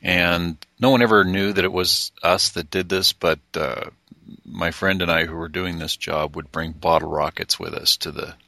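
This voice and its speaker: Podcast cohost, very low pitch with a bright, forceful edge, dry sound. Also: male voice, fairly even intonation, moderate pace, gravelly, dry recording. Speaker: podcast co-host. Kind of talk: casual storytelling.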